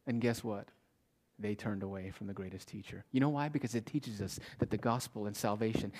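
A pastor delivers a passionate sermon, repeating phrases for emphasis and swinging between loud declarations and hushed whispers. His voice is lowish and brisk, with a steady tone.

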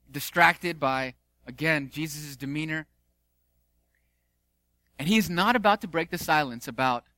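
A man preaches a sermon in a bright, forceful voice, sitting a little higher than most men. He is expressive, swinging from loud emphatic lines to soft, slowed asides. The sound is dry and close. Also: no echo. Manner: expressive preaching with dramatic swings in volume and pace. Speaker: pastor.

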